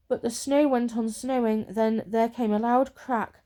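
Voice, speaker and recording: Soothing soft-spoken ASMR reader, woman, mellow, gentle bedtime-story delivery. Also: on the high side, steady tone. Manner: slow and soothing.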